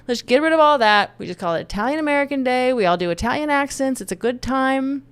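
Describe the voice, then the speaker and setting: Woman, vlogger, casual opinion talk, joking, rambling, fairly high voice, smooth and clear. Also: expressive, fast talker, few pauses, no room sound. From Texas. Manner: chatty, joking, rambling with restarts. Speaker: YouTube commentator.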